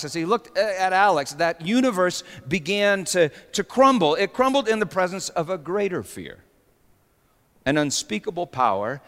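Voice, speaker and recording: A man preaching a sermon with dramatic swings between hushed storytelling and sudden shouts. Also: high-pitched. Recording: long reverb of a large hall.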